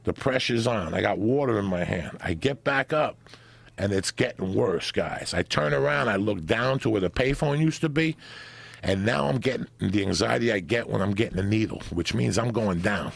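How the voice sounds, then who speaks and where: Gravelly man telling a wild story. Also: fairly low pitch, moderate pace, dry recording. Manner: animated storytelling, loud profane outbursts. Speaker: comedian guest. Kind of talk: storytelling podcast chat.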